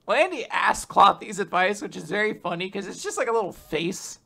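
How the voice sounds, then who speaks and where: This co-host has a bright, forward voice and a mid-range pitch. They retell the story loosely, circling back with fillers and quick asides. It is casual, conversational podcast talk. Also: lively intonation, vocal fry. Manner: rambling retelling, many fillers, laughs between lines. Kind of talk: casual manga recap chat.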